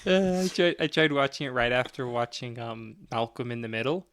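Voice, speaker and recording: A man's voice: medium pitch, lively intonation, fairly quick, fairly bright tone, no echo, clean studio sound. A man on a casual podcast, easygoing, stopping and restarting his sentences often. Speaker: podcast co-host. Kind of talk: casual chat.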